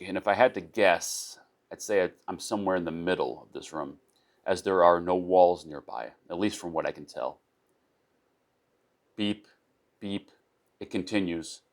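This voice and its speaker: Reading his own short story aloud in the first person, a man speaks in a very low, deep voice. The delivery is unpolished, with small stumbles, restarts and repeated words here and there.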